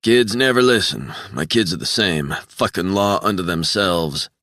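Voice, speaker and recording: A man's voice: low-pitched, lively intonation, normal speed, pushed and bright, no room sound, clean studio sound, heavily acted. A man voicing a burly, red-faced former police officer who swears and talks in a heated, raised voice. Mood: worked up.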